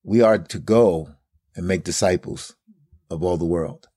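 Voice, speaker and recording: A man with a very deep, low voice leads a Bible study chat, earnest and preacherly, stacking phrase after phrase. The sound is close and dry, with no room around it. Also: measured pace, warm tone, no room sound. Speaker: co-host of a Bible study talk. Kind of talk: casual Bible study discussion.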